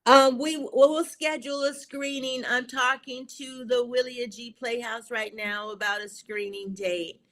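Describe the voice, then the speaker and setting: A woman guest, a poet and filmmaker, recounting personal stories in an interview with earnest emotion and halting fillers. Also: fairly high pitch, steady tone, fairly bright tone. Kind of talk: storytelling interview talk.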